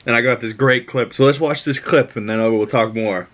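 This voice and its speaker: A man hosting a casual reaction podcast, recapping a cartoon episode in an excitable, swearing way. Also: mid-range voice, moderate pace. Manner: excitable, profane, laughs and shouts at scenes. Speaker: podcast host.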